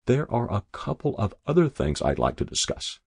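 A man's voice: mid-range voice, very animated, moderate pace, vocal fry, darkish tone, breathy edge, no room sound, studio quality, pitched above the performer's own voice, heavily acted. A man reading a story aloud and voicing a timid young husband who speaks hesitantly and pleads. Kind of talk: audiobook narration.

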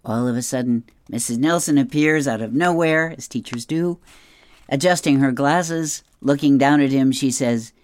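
A middle-aged woman reading newspaper comics aloud, describing each panel in a relaxed, amused way. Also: extremely low pitch, normal speed, dry recording. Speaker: comic strip reader.

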